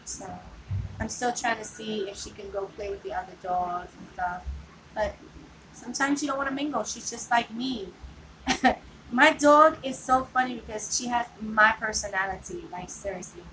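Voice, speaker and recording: Talking casually with viewers on her vlog, a woman with a fairly high voice speaks at normal speed. She rambles, laughs frequently and fills gaps with "like" and "you know." The phone mic sits far from her and picks up clear background noise.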